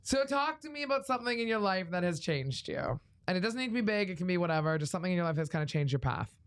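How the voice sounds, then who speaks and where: A woman's voice: on the low side, very animated, fast talker. A Canadian woman hosting a podcast, chatting casually with a guest, blunt and teasing and swearing freely. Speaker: podcast host. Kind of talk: casual chat. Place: podcast studio.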